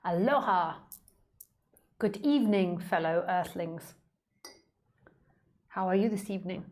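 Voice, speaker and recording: Female stream host, unhurried and playful, casual chat from home on a webcam mic. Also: fairly low pitch, a little mellow. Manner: playful, chatty, many fillers. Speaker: live stream host and spiritual teacher.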